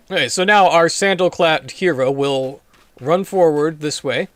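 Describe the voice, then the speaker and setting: Wry, low-key gaming commentator man. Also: unhurried, a bit bright, dry recording, soft background music. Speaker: gaming YouTuber. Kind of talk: casual let's-play commentary.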